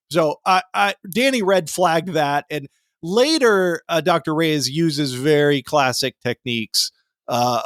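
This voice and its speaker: A man's voice: medium pitch, fairly bright tone, no room sound, studio quality. A man hosting a movie podcast, talking casually and rambling with lots of fillers and acted-out quotes. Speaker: podcast host.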